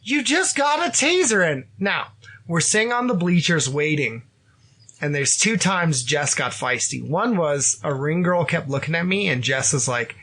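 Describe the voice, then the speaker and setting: A man's voice: on the high side, moderate pace. A young adult man hosting a podcast, telling stories with jokes and acted-out quotes. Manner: jokey, animated storytelling with acted-out quotes. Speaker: podcast host. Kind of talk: casual podcast chat.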